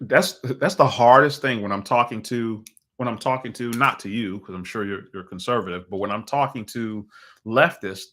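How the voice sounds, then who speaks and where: Animated, opinionated man on a live stream. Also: on the low side. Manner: animated, opinionated, rambling with restarts and chuckles. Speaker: host of a live call-in stream. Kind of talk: casual political commentary on a live stream. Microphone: desk microphone.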